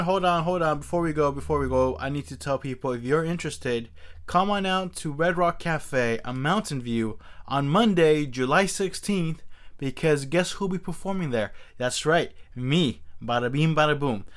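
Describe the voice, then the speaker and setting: A man hosts his own podcast in a casual, chatty way. His voice comes across smooth and clear through a studio mic, and he jokes at his own expense with sudden animated bursts. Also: mid-range voice. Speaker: podcast host. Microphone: XLR studio mic.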